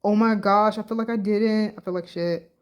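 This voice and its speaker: A woman's voice: mid-range voice, fairly even intonation, normal speed, darkish tone, smooth. A woman vlogging casually as she reads social media posts aloud and reacts bluntly, with plenty of slang and swearing. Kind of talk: casual reaction vlog, reading comments aloud.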